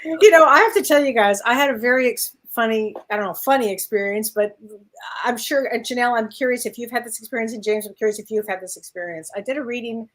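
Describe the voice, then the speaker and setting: A woman's voice: a little high, fast. A woman co-hosting as a medium, telling a story in casual chat with plenty of fillers. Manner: anecdotal storyteller, frequent fillers. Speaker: medium and co-host.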